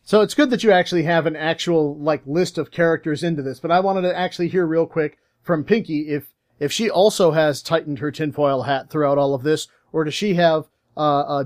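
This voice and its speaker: A man's voice: on the high side, fairly even intonation, fairly quick, few pauses. A man hosting a podcast, joking playfully and steering the talk between guests. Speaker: podcast host.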